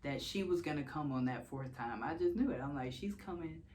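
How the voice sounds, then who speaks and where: Candid, low-voiced young woman telling a story. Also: brisk, a little hiss or hum. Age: young adult. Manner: candid, animated, swears freely, laughs often. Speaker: vlogger telling her birth story. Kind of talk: casual storytelling vlog.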